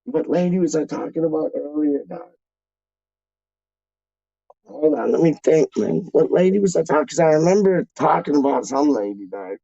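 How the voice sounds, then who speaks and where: A man's voice: on the high side, expressive, moderate pace, creaky, mellow, no room sound. A man hosting a casual livestream, reading chat comments with slangy, laid-back banter and repeated phrases. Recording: dry, dull lo-fi mic.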